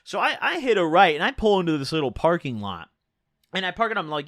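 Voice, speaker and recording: A man's voice: high-pitched, quick pace, no echo, studio quality. A man telling a wild story to camera in casual, profane vlog style, full of "like" and "dude". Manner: profane, animated, lots of filler "like" and "dude". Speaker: YouTuber.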